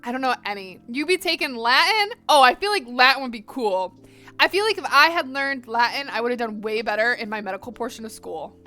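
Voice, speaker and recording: A woman's voice: on the high side, lively intonation, fairly quick, sharp tone, faint music behind. A woman in her twenties with an American accent, chatting casually and animatedly with live stream viewers while coloring. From northern United States.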